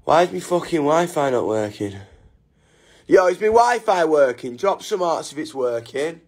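A young man with a British English accent, hosting a casual livestream chat from a hotel room on his phone, energetic, excitable and sweary. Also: on the high side, normal speed.

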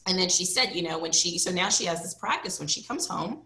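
A woman psychologist talking as a guest in a casual interview, telling lively stories and often acting out what other people said. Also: lowish voice, brisk, roomy sound, low-quality recording. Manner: lively storyteller, often acts out quotes.

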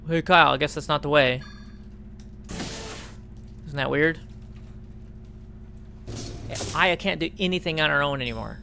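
A let's play commentator giving casual gaming commentary, sarcastic and swearing freely while yelling at the game characters. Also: medium pitch, a little slow, gravelly, pauses often, slight background noise.

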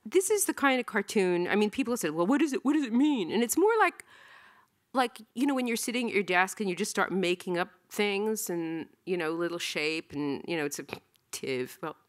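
A woman's voice: mid-range voice, expressive, normal speed. Chatty self-deprecating woman in her 60s. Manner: rambling, self-deprecating, many ums and restarts. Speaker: cartoonist giving an artist talk. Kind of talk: casual storytelling talk. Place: theatre stage.

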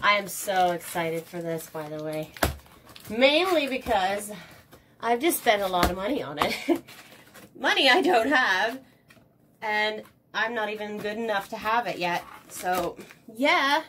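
A woman vlogger unboxing a package, excitable and quick to swear and laugh. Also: mid-range voice, background noise. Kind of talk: casual unboxing vlog.

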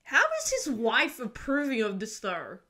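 A young woman giving casual reaction commentary on a show, gushing and excitable with frequent gasps and exclamations. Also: fairly high pitch, unhurried. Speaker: video reviewer reacting to a series finale.

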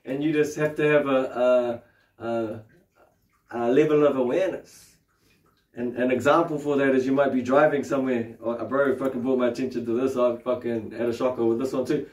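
A man's voice: medium pitch, a little mellow. A man with a New Zealand accent teaching meditation in a loose, casual way, swearing freely and tagging his sentences with questions. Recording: roomy, distant mic.

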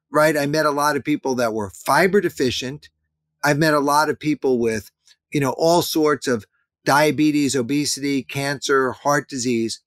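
A man's voice: a little high, a bit bright, no echo, clean studio sound. A man in his fifties, a guest in an interview, talking earnestly and emphatically, repeating his key points. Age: 50s. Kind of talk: interview conversation.

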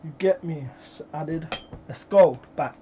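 A British man reacting to music in casual commentary, excitable and exclaiming, with frequent swearing. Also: on the high side, slow pace, a little hiss or hum.

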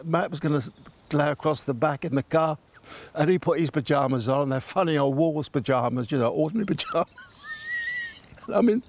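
An older man telling a funny story in a chatty way, laughing as he goes and acting out the voices of the people in it. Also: mid-range voice. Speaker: guest telling an anecdote. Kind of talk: casual storytelling.

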